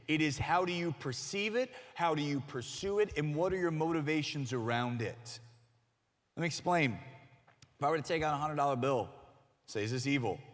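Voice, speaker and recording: A man's voice: mid-range voice, a bit bright. A man preaching a conversational youth sermon to middle schoolers, acting out quoted people with lots of energy. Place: church hall. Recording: long hall reverb.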